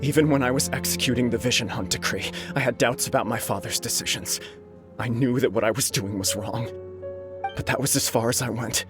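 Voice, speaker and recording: A guilt-ridden young noble, played by a man, speaks earnestly of his failings in a game scene. His voice sits mid-range and steady, and game music plays clearly beneath it. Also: mid-range voice, a little fast, lightly acted. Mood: remorseful. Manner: earnest, grave.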